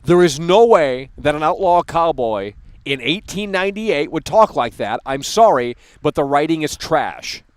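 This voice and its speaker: A man's voice: on the high side, lively intonation, a little slow, hardly any pauses, clean tone, no echo. A young adult man hosting a gaming livestream, ranting bluntly and casually with lots of swearing. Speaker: livestream host.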